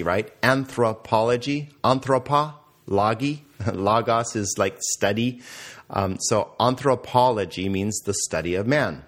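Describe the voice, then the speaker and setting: A man's voice: lowish voice, a bit bright. A man teaching a Greek grammar lesson, explaining patiently and quizzing the listener.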